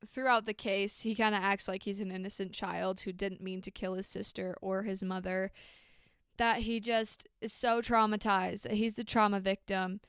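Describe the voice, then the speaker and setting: A woman's voice: mid-range voice, a bit bright, smooth, no echo, clean studio sound. A woman hosting a true crime podcast, retelling a case in a casual, conversational way with frequent ums and likes.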